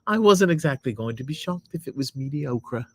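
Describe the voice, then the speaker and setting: A man's voice: medium pitch, animated, moderate pace, no echo. A man voicing a chatty mother, a woman reviewing a gadget, in a breezy read-aloud manner.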